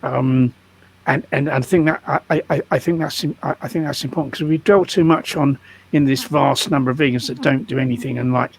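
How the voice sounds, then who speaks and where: An older man in casual conversation, halting and stammering through restarts. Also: mid-range voice, fairly even intonation, vocal fry. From United Kingdom. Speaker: guest activist.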